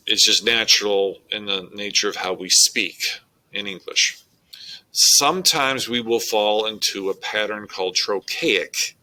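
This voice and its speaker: A man, teaching a recorded lesson on poetic meter in a slow, deliberate way with frequent fillers. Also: lowish voice, pushed and bright, poor audio.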